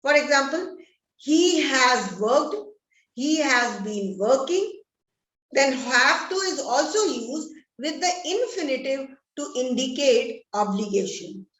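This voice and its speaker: A high-pitched woman with an Indian English accent teaches grammar at an unhurried pace. She reads each example sentence aloud and stresses the key words. Her voice carries an echoey room sound. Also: fairly bright tone. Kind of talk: classroom-style grammar lesson.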